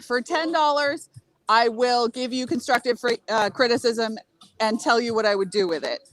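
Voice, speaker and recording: A woman's voice: on the high side, moderate pace, no echo, low-quality recording. A woman from Massachusetts, a podcast guest, talking casually in a frank, matter-of-fact way.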